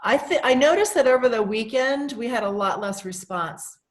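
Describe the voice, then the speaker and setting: A woman's voice: fairly high pitch, expressive, normal speed. Encouraging woman leading a sales call. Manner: encouraging, affirming. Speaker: sales team leader. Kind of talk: casual group call.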